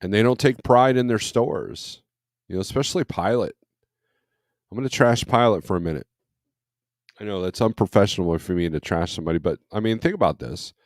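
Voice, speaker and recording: Low-voiced man chatting on a livestream. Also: a little fast, no echo, studio quality. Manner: rambling and conversational, with frequent fillers and restarts; blunt and opinionated when griping. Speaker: truck driver and livestream host. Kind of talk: casual morning livestream, reading viewer comments aloud.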